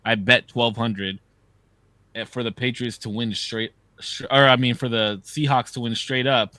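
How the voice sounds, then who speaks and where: A man co-hosting a podcast, telling animated, profane stories in casual chat. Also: mid-range voice, unhurried, dry recording. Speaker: podcast co-host.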